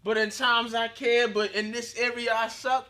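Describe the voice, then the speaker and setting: A man's voice: very high voice, little pitch movement, moderate pace, sharp tone. A man co-hosting a casual podcast chat, blunt and teasing. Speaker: podcast co-host.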